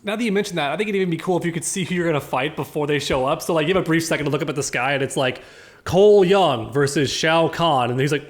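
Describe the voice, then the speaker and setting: A man's voice: a little high, fast. A man co-hosting a casual film review podcast, joking and riffing on scenes. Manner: jokey, riffs on scenes. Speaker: podcast co-host.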